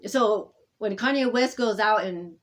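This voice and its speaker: Woman, mid-range pitch, rambling vlog monologue, stop-start delivery full of restarts, drops soft then pushes loud. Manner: halting and rambling, many fillers and restarts; swings between soft murmuring and loud insistence. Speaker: vlogger speaking to camera. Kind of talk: unscripted personal monologue.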